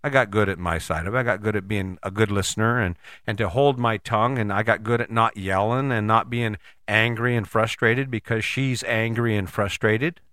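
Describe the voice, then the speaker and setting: A man's voice: lowish voice, moderate pace, few pauses, pushed and bright, dry recording, clean studio sound. A middle-aged man talking in a blunt, folksy, casual monologue, telling stories with mild cursing.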